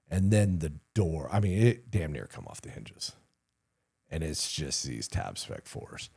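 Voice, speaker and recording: A middle-aged retired army sergeant major telling war stories in a casual interview, animated and profane, with lots of "like" and "you know.". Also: male voice, rumbling low, measured pace, vocal fry, slightly rough.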